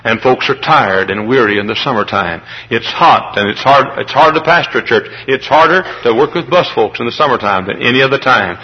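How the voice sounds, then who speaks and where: A man preaching a sermon to a congregation, building from plain talk up to high, emotional cries. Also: animated, a little fast, hardly any pauses, muffled recording. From Midwestern United States. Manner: emotional, rises to high pitched shouts. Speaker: traveling preacher.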